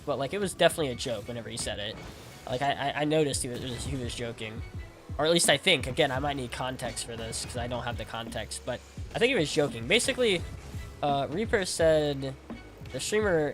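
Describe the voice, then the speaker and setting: A man's voice: medium pitch, fairly bright tone. A young man talking casually to his stream chat while gaming, rambling with lots of "like" and repeated words. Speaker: game streamer.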